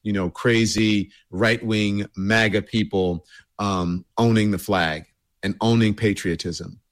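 Man, low voice, scratchy throat, rambling casual host talk, dry close sound. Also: fairly even intonation, slow pace, dry recording. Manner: loose and rambling, many fillers. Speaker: show host. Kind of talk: casual address to a livestream audience.

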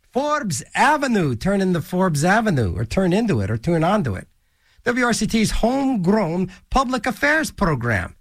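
A man's voice: sits high, dry recording. A man hosting a college radio show, rambling through goofy jokes and asides between songs in a small studio. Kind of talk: casual radio DJ patter. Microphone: studio mic.

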